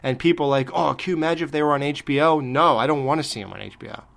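A man's voice: a little high, very fast, vocal fry, fairly bright tone. A man co-hosting a horror podcast, telling stories animatedly and joking in casual banter. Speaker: podcast co-host.

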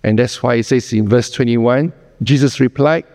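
A man's voice: medium pitch, moderate pace, warm tone. Preaching man in a reverberant hall. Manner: earnest, explanatory, asks rhetorical questions. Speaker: pastor. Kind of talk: sermon. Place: church sanctuary.

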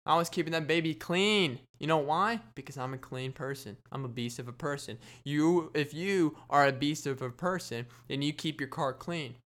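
A man's voice: fairly high pitch, normal speed, hardly any pauses, a bit bright. A young adult man hosting a solo comedy podcast, rambling and boasting with jokey gross-out banter. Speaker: podcast host.

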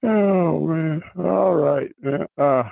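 Man, very gravelly voice, laid-back, tinny phone line. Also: a little high, very slow, dry recording. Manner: laid-back, laughs, calls everyone man. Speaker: prank call target. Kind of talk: phone call.

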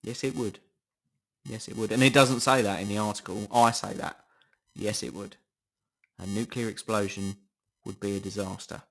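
A man's voice: on the low side, fairly even intonation, normal speed, creaky, pauses often, fairly bright tone. A middle-aged man hosting a podcast, chatting casually in a sarcastic, incredulous tone and swearing often. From Britain. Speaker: podcast host. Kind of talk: casual solo podcast chat.

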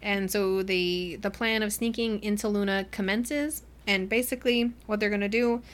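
A woman's voice: mid-range voice, moderate pace. Chatty young woman recapping a novel. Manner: chatty, animated retelling, acting out characters' lines. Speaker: book club podcast host. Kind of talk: casual chat recapping a book.

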